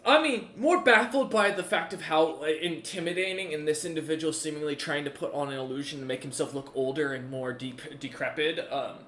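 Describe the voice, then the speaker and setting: A man's voice: fairly high pitch, a little fast, few pauses, fairly bright tone. A man narrating a tabletop game as game master, in a loose, rambling way with many fillers. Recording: echoey room.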